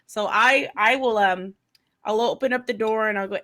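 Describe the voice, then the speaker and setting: A woman's voice: a little high, lively intonation, moderate pace, fairly bright tone. A middle-aged woman and mother co-hosting a casual chat, blunt, swearing freely and laughing often. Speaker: podcast co-host, mother.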